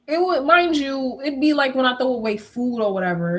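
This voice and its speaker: A young woman telling stories in a casual, animated way, swearing freely and laughing often. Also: high voice, brisk, few pauses. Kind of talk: casual storytelling chat.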